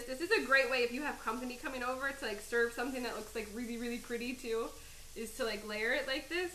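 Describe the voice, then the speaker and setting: A woman's voice: on the high side, pushed and bright, roomy sound, slight background noise, rough recording. A woman hosting a live home cooking stream, chatting and rambling as she chops, teary-eyed from onions. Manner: chatty and rambling, laughing at herself. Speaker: cooking show host. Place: home kitchen.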